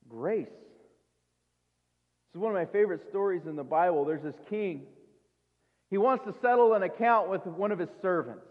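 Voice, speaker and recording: A man preaching a sermon in a conversational way, with rhetorical questions and quick asides to the congregation. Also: high-pitched. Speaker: pastor. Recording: tinny phone-like sound in a reverberant hall.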